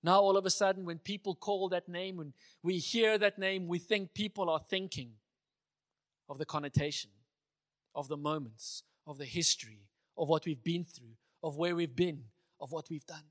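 A man's voice: a little high, normal speed. A man giving a conversational sermon who sometimes acts out the dialogue he retells. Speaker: preacher.

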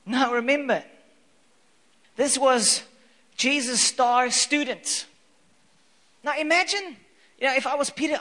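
A male pastor preaching a sermon in an animated, playful way, acting out scenes from scripture, in an echoey hall. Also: extremely high pitch, measured pace, pauses often.

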